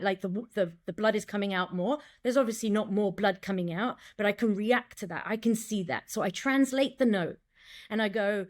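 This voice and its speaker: Casting note: woman, director and acting coach, casual interview, animated, acts out lines and quotes as she goes, mid-range pitch. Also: normal speed.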